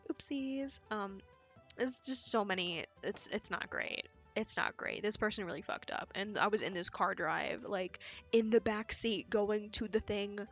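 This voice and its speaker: A woman's voice: medium pitch, unhurried. A young woman streamer chatting casually while gaming, rambling and swearing as she tells stories with giggles. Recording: faint music behind voice.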